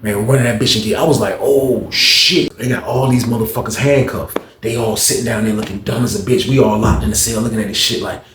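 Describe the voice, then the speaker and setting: A man telling a story in casual talk, acting out each person with loud raised voices and dropping to hushed asides. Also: fairly low pitch, steady tone, fairly quick, hardly any pauses, echoey room, a little hiss or hum.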